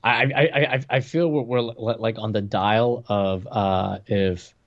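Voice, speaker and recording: Male podcast co-host, gravelly mid voice, halting delivery, muffled recording. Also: on the low side, fairly even intonation. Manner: hesitant, restarts, quick agreeing interjections. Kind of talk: casual comic book chat. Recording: dull lo-fi sound.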